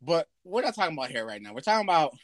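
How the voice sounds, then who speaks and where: A man in animated, profane podcast banter, acting out imagined conversations. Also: fairly high pitch, rapid-fire, a crowd in the background. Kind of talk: casual chat.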